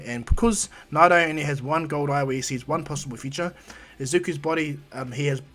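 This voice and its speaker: Husky guy rambling through a fan story, quiet music behind. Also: mid-range voice. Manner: rambling, loose and conversational. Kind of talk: improvised storytelling.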